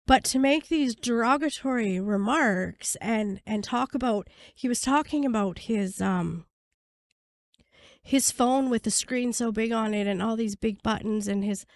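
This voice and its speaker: A woman guest on a podcast, telling her story bluntly and swearing freely, her voice going hoarse. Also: mid-range voice, no room sound. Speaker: podcast guest, prisoner advocate. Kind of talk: candid storytelling interview.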